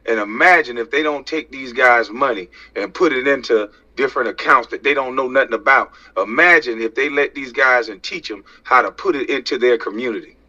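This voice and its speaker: Brisk and sharp-toned with hardly a pause, a medium-pitched American man delivers a profane, heated rant to camera as a social media commentator, preaching and firing rhetorical questions. The recording sounds dull and lo-fi.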